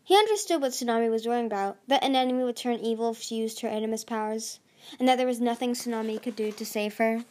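Woman reading a dragon storybook out loud, kinda high voice, steady, trips over words now and then. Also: fast talker. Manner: steady reading with small slips and restarts. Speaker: audiobook reader. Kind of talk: storybook narration.

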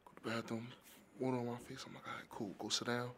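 A young man hosting a podcast, telling stories in an animated, slangy, casual way. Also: mid-range voice, quick pace, crowd noise. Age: young adult. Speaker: podcast host.

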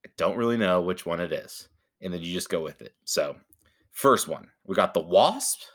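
A man's voice: sits low, expressive, moderate pace. A man hosting a casual sports chat podcast, laid-back and joking. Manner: laid-back, joking, calls cohost baby. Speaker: podcast host.

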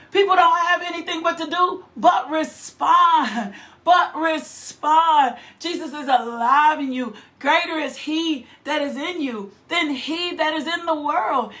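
A woman's voice: sits high, fairly bright tone. A middle-aged woman preaching a fervent sermon, repeating phrases in a rhythmic, rousing way. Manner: fervent, rhythmic repetition, exhortations.

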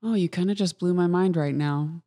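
A man's voice: high voice, normal speed, mellow. A man hosting a casual interview, often chiming in with agreement while his guest explains. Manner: frequent agreeing backchannels.

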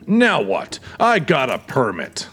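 A man's voice: medium pitch, huge pitch swings, slow, a bit bright, husky, voice pushed up, heavily acted. A man voicing a surly, defiant aging warehouse owner who grumbles indignantly, in an audiobook reading. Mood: defiant grumbling. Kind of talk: audiobook character voice.

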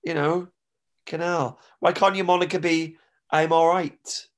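A man in his thirties from the UK, hoarse from pollen, co-hosting a podcast in jokey, rambling casual chat. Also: fairly high pitch, level tone, measured pace. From United Kingdom. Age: 30s. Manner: jokey, rambling wrestling fan. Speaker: podcast co-host.

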